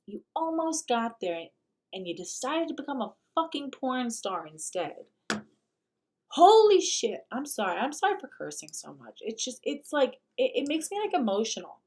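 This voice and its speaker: A woman with a fairly high voice gives fired-up, blunt commentary on a clip. She is emphatic and swears freely, pressing her points hard. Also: sing-song, moderate pace. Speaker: host. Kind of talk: commentary reacting to a video clip.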